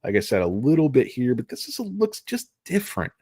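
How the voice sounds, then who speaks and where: A man's voice: mid-range voice, sing-song, brisk, darkish tone, husky, dry recording, clean studio sound. A man giving casual, rambling stock commentary, jokey and self-deprecating. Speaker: stock market vlogger.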